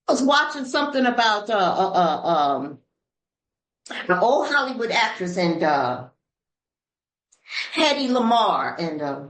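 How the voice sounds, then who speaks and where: Older woman sharing in an echoey room. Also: on the high side. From Los Angeles. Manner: animated, preacherly storytelling with sudden shifts of voice; African American Vernacular English grammar. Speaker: recovery meeting speaker. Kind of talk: speaker-meeting share. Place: meeting room.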